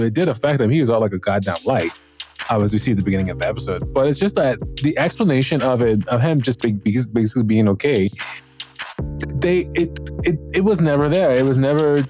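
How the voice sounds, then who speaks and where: A man's voice: medium pitch, a little mellow. A man hosting a podcast, giving a casual solo review of a TV series, rambling with lots of fillers, restarts and swearing.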